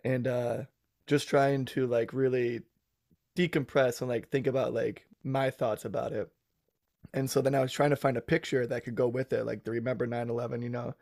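A man from the United States, a guest on a podcast, talking in a relaxed, reflective way and laughing easily. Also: mid-range voice, moderate pace, vocal fry, dry recording, clean studio sound. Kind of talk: casual podcast chat.

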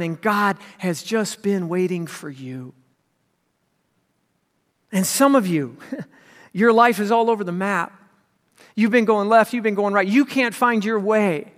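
A man preaching a sermon as pastor, swinging from loud emphasis to hushed whispers. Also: sits high, measured pace, pauses often. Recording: long hall reverb.

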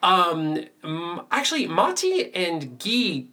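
A woman's voice: lowish voice, sing-song, slow pace, bright, forceful tone. A woman co-hosting a podcast, recapping a cartoon in casual chat with sarcastic, crude jokes. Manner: sarcastic, crude jokes, puts on silly voices. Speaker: podcast co-host.

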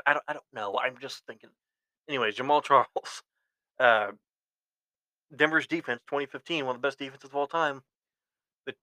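Guy doing a solo sports podcast, bright punchy voice, dry close sound, rambly fan opinions. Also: mid-range voice, no room sound, rough recording. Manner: rambling, self-correcting, opinionated fan talk. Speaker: podcast host.

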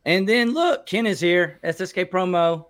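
A man's voice: high voice, animated, moderate pace, a bit bright. A man hosting a casual livestream chat, reading out viewer comments. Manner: chatty, reads out viewer comments. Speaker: host.

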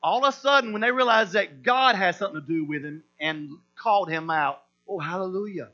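A man preaching a sermon as pastor, energetic and slangy, acting out the people in the stories he tells. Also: high-pitched, brisk. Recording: dull lo-fi sound with mains hum.

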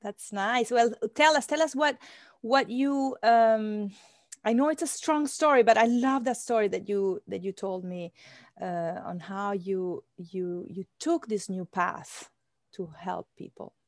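A woman hosts an interview, gently encouraging her guest to share. Her voice has a gravelly fry, and she speaks slowly. The sound is dry and close. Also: mid-range voice, dry recording. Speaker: host. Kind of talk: casual interview.

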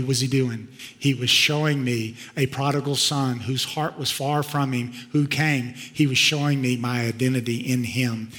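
A middle-aged man, a pastor, telling a personal story in a sermon, swinging from loud outbursts to hushed tones. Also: medium pitch. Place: church sanctuary. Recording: long reverb of a large hall.

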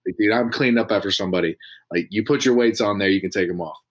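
A man chatting as a podcast guest, relaxed, with fillers and easy laughter. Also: on the low side, fast. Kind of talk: casual chat.

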